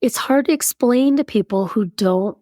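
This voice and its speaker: A woman in her fifties, a podcast guest, telling a personal story in an animated way and acting out what people said. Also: on the high side, moderate pace, no echo, clean studio sound. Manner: animated storyteller who acts out quoted speech.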